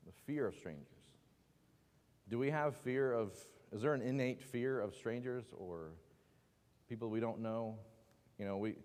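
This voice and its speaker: A man's voice: fairly low pitch, a little mellow. A man teaching a casual Bible class at church, joking and asking the class questions as he talks. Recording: long hall reverb.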